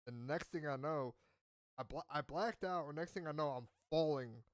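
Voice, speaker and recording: A man's voice: on the high side, normal speed, no room sound. A man in casual chat who tells a rambling story and acts out what people said. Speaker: podcast host.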